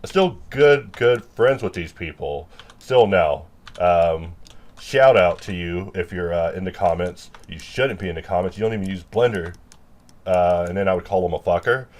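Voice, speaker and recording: A man chatting casually and rambling while he works, self-mocking, sometimes bursting into loud mock-angry lines. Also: low voice, lively intonation, normal speed.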